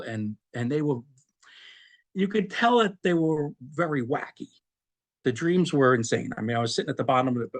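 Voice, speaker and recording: A middle-aged man speaks in an everyday mid-range voice, recounting his experience as an interview guest. He is animated and laughs easily. His words often stumble, restart and double back as he goes. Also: medium pitch. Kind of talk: conversational storytelling.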